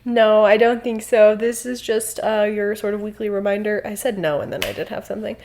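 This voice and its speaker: A woman's voice: medium pitch, steady tone, a little fast, darkish tone. A woman co-hosting a podcast, chatting casually with many fillers and bursts of laughter. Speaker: podcast co-host. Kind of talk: casual chat.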